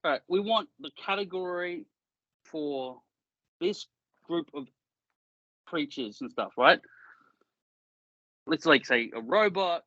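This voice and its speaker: A man's voice: fairly high pitch, expressive, slow, pauses often, sharp tone, dry recording. A man co-hosting a casual podcast, rambling and swearing often while laughing easily. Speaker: podcast co-host. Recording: dry, dull lo-fi sound.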